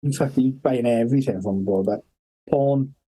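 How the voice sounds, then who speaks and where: A man's voice: mid-range voice, normal speed, mellow, husky, rough recording. A man telling rambling anecdotes as a podcast guest, swearing constantly and breaking into laughter. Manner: heavy swearing, laughing, acting out quoted voices. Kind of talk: casual anecdotal storytelling.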